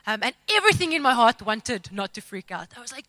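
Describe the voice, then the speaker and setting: A woman telling a personal faith testimony in an expressive, self-mocking, dramatic storytelling way. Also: fairly high pitch, quick pace, dry recording. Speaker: speaker sharing a testimony.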